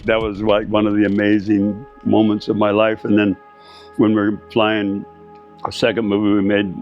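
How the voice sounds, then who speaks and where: Guy in his 70s rambling through old stories, lowish voice, muffled lo-fi sound. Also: darkish tone. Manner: rambling anecdotal storyteller. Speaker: surfer and board shaper. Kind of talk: reminiscing interview storytelling. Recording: dull lo-fi audio with faint music.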